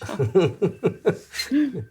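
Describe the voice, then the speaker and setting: A man's voice: high-pitched, very slow, slight background noise. A man co-hosting a podcast, telling anecdotes in a casual chat and often breaking into laughter. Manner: animated anecdotes broken by laughter. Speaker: podcast co-host.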